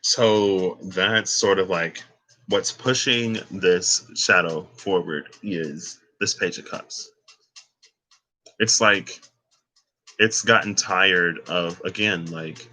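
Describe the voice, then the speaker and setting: A tarot reader with a low, sharp-toned voice gives a loose, wandering reading, thinking out loud and tossing in asides. He laughs and exclaims between points, and the recording quality is poor.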